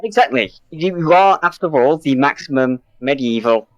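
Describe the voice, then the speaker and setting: A man with a British accent pitching a silly idea in a comedy sketch, mock-formal and halting, with many ums and restarts. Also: animated, no echo, highs cut off.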